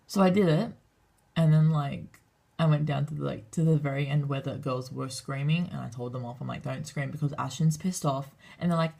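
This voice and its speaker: This is a young woman, chatting casually to camera in a vlog. Her voice sits low and has a husky, raspy edge, with some gravelly fry at the ends of her phrases. She rambles and swears freely, acting out the lines of everyone in her story. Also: fairly quick, mellow. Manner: rambling, swears a lot, acts out quotes. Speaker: vlogger.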